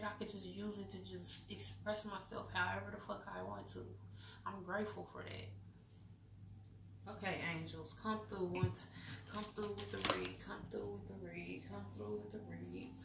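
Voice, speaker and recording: A woman's voice: mid-range voice, expressive, moderate pace, creaky. A woman doing a casual spiritual card-reading chat, loose and profane, talking to herself. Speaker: intuitive card reader. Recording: roomy echo, distant from mic, faint noise.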